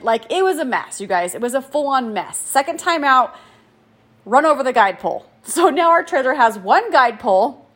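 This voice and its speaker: Chatty woman in her forties. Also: a little high. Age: 40s. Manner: chatty, animated, self-deprecating with frequent "like". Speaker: podcast host. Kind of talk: casual storytelling monologue.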